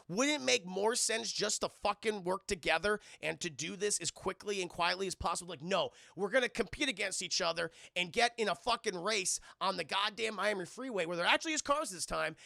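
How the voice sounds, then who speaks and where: A man's voice: high-pitched, vocal fry, bright, forceful tone, dry recording, studio quality. A man streaming a casual, profane movie recap to his chat, rambling and acting out characters' lines. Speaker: streamer reviewing a film for chat.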